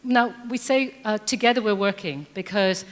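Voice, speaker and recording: A woman's voice: medium pitch, normal speed. Woman in her fifties, audience speaker, earnest, hesitant, hall echo. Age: 50s. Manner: earnest, hesitant with many ums. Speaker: audience member. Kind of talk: speaking from the floor at a debate. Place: large hall. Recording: long hall reverb.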